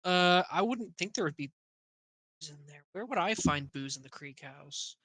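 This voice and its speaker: A man with a bright, slightly high voice, playing in a casual tabletop game. He thinks aloud and asks about what he can do, recorded dry with no room sound. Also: animated, moderate pace, dry recording. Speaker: player.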